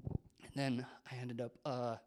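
In a mid-range voice and an unhurried pace, a young man, a youth pastor, relates a personal faith story with plenty of energy. He whispers when quoting others and pokes fun at himself with laughter.

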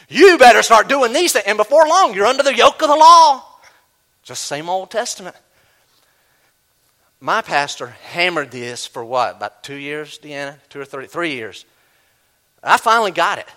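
A male pastor preaching a sermon, animated, acting out imagined voices as he teaches. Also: high voice, normal speed, long pauses.

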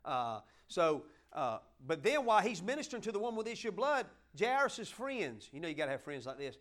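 A man's voice: high-pitched, sing-song, a little fast, few pauses, a bit bright. A man preaching a folksy sermon, joking with his congregation and asking them to help him along. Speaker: pastor.

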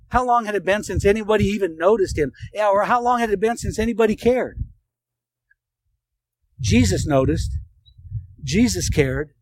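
A male pastor preaching a sermon, retelling scripture stories earnestly with dramatic pauses. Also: high voice, rough recording.

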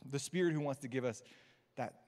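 Man preaching in a reverberant church hall. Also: medium pitch. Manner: warm storytelling with laughs and quiet, slowed quotes. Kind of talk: sermon.

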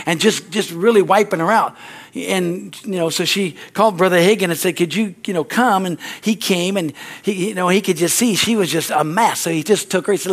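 A male pastor preaching a sermon, telling stories and repeating phrases as he builds to excited preaching. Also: high voice, quick pace.

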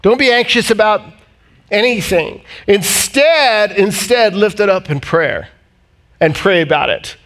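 Male pastor, sermon delivery, a touch high-pitched, dynamic swings from loud to hushed. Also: unhurried. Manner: animated preaching, swinging from loud emphatic highs to low quiet reading.

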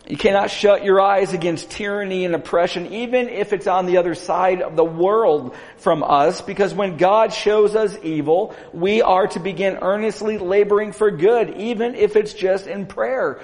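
A man's voice: high voice, vocal fry, darkish tone. A male pastor preaching a sermon earnestly, asking his congregation rhetorical questions. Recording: long hall reverb.

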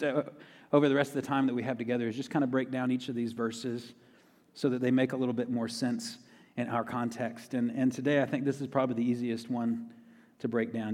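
A man's voice: medium pitch, a little mellow. Man preaching in an echoing hall. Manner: conversational, repeats key phrases for emphasis. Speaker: pastor. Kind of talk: sermon. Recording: long reverb of a large hall.

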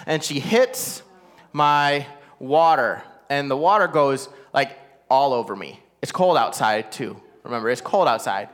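A man telling a personal family story to a live audience. He is animated and self-deprecating, with frequent asides to the listeners. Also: medium pitch, measured pace. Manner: animated, self-deprecating, rising to loud exasperation at the climax; talks straight to listeners with frequent "all right?" asides.

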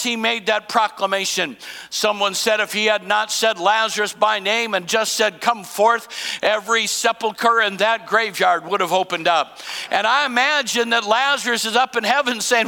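Gravelly high-pitched preacher in a hall. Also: male voice, steady tone, moderate pace. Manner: preaching with big swings between shouting and hushed tones. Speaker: pastor. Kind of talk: sermon.

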